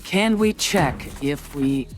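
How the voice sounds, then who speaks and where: Young male streamer, animated and chatty, full of ums and laughs, faint music under him. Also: fairly high pitch, takes it slowly. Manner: animated, laughs often, rambling with fillers. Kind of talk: casual gaming stream chat.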